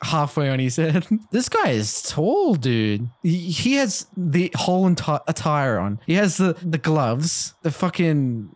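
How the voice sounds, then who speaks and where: A man's voice: fairly high pitch, no echo. A young man commenting as he plays a horror game, jittery and swearing, tossing jokey asides at the characters. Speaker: gaming video host.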